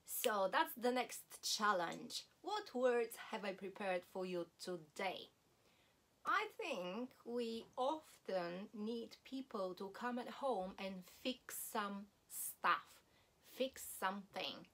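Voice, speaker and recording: A woman leads a language lesson at an unhurried, careful pace. She repeats each word several times so learners can follow. Her pitch sits in a middle range. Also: animated, a bit bright. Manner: slow, deliberate, repeats words for practice. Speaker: language teacher.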